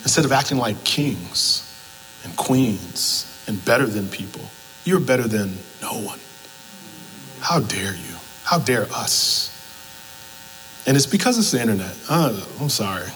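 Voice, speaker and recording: Guy preaching a sermon, lively storyteller, slips into other people's voices, bit of hum in the background. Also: medium pitch, a little slow, big-room sound, rough recording. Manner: animated storytelling, acts out both sides of conversations. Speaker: pastor.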